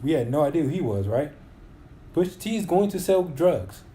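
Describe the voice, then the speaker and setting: A young man in his twenties co-hosts a casual podcast chat, pressing his opinions and circling back over his own words. His voice sits a bit high for a man, and a faint hiss runs under the recording. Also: big pitch swings, normal speed, dark tone. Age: 20s. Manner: opinionated, argues points with repeated restarts. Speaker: podcast co-host.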